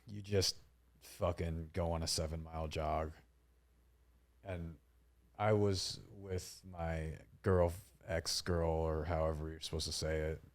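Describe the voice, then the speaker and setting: Deep-voiced man, blunt and profane. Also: flat delivery, slow. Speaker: podcast co-host. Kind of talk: casual chat.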